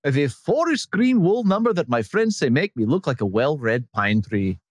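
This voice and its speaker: A man's voice: a little high, big pitch swings, moderate pace, dry recording, studio quality. A man voicing an enthusiastic male Estonian puppeteer fan in a mock Estonian accent, laughing as he reads a listener letter aloud. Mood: gushing. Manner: breaks into laughter while reading. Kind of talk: comic reading of a listener letter.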